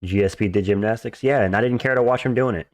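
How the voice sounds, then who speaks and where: Live-streaming fights, a fast-talking man with a voice on the low side reads his chat's questions and answers them bluntly, joking crudely and dismissively in a casual tone; there's no echo.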